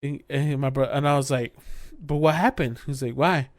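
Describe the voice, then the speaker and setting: A man's voice: mid-range voice, moderate pace, dry recording, studio quality. A young man co-hosting a podcast, telling a drunk story in casual chat, swearing often and acting out the quotes with bursts of laughter. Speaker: podcast co-host.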